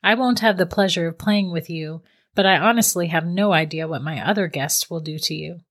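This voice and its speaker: A woman voicing a calm, teasing witch who holds a young man captive, speaking matter-of-factly in a storybook reading. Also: on the low side, fairly quick, close to an everyday voice. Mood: cool, teasing. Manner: calm, matter-of-fact and mocking. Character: cold, teasing middle-aged female witch captor.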